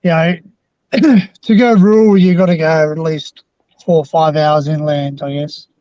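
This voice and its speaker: A man's voice: a little high, steady tone, measured pace, dark tone, no room sound, highs cut off. A man with an Australian accent, rambling and laughing in casual chat.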